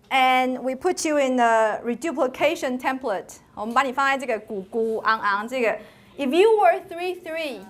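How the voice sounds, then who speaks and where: Brief: female lecturer, high voice, unhurried classroom delivery, chants syllables to demo tones. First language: Taiwanese. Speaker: university lecturer.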